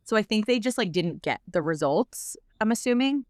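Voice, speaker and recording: A young adult woman telling a personal story as a podcast guest, in a quick, animated way full of filler words. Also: mid-range voice, no echo, clean studio sound. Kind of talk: casual storytelling.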